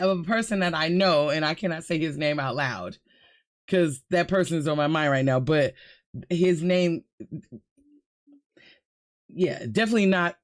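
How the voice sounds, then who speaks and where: A host reacting to scary videos in casual, slangy commentary, shrieking and talking straight to viewers. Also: medium pitch. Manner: loud, exclamatory and slangy, full of shrieks and asides to viewers.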